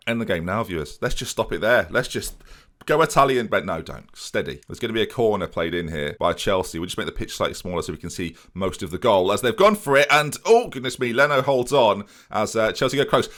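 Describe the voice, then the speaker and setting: A young man casually commentating his football management game, jokey and self-mocking, with bursts of excitement. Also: medium pitch. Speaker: gaming YouTuber.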